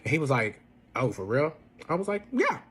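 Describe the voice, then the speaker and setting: A man retelling a messy relationship story in casual speech, animated and profane, acting out every quote. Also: fairly high pitch, normal speed, slight background noise. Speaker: storyteller guest.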